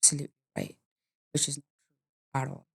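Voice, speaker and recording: A woman's voice: extremely low pitch, huge pitch swings, fast talker, vocal fry, slightly rough. A woman from India, a guest on a podcast, talking expressively and emphatically, laughing easily and rephrasing herself mid-sentence. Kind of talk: conversational podcast interview.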